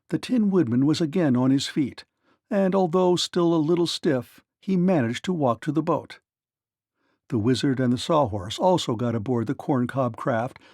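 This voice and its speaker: Gravelly, animated male storyteller. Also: a little high, no room sound, clean studio sound. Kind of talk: children's story read-along narration.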